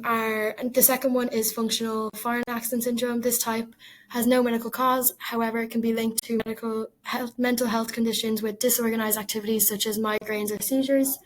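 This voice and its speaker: A woman with a slightly raised pitch gives a prepared class presentation. She keeps an even, level delivery and reads through her points steadily, with a few fillers along the way. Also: rough recording. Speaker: student presenter.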